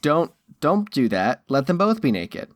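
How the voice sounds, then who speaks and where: A man's voice: a little high, sing-song, a little slow, no echo. Wry male podcast co-host, dry sound. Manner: wry, sardonic quips. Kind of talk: casual chat.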